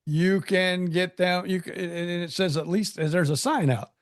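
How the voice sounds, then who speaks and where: High-voiced man, casual podcast chat. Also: normal speed. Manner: easygoing, rambling, joking. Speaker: podcast co-host.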